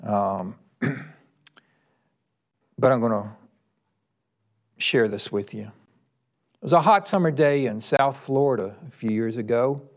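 Animated preacher with a lively, climbing voice. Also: male voice, slow pace, long pauses. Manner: emphatic, rising to high-pitched exclamations. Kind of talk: sermon with storytelling.

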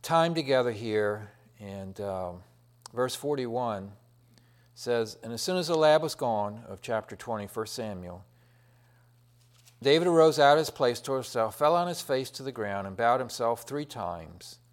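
A middle-aged man delivers a sermon, retelling scripture in a plain, folksy way. He rambles, doubles back on his words and fills pauses with "uh" and "um". His voice sits at an ordinary pitch for a man. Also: expressive. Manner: folksy, rambling retelling with many fillers and restarts. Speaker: preacher.

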